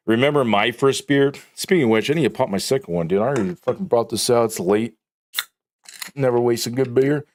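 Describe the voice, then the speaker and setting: A man live streaming, chatting casually in a rambling, profane, joking way. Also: medium pitch.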